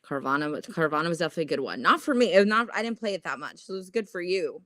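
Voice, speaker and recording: Talking very fast in a low register, a woman runs a laid-back stock trading stream, chatting with viewers and reading their comments. She swears, laughs, and mocks herself with lots of energy, captured in a dry, clean studio recording.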